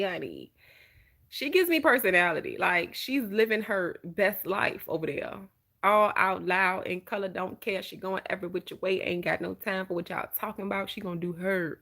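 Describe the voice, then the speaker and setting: A woman with a Southern American accent from Georgia, hosting a casual live-stream chat in an animated, expressive voice. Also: medium pitch, vocal fry. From Georgia, USA. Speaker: vlogger, host.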